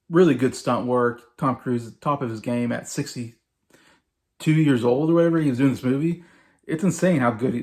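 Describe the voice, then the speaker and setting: A man's voice: mid-range voice, darkish tone. A man in his forties giving a casual, rambling movie review, full of fillers and repetition. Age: 40s. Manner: rambling, filler-heavy, repeats himself.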